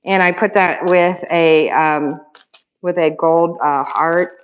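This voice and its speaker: A woman shows off her handmade resin keychains in a casual, excitable show-and-tell vlog, rambling and repeating words for emphasis. Her voice is fairly low, she takes her time, and the audio sounds dull.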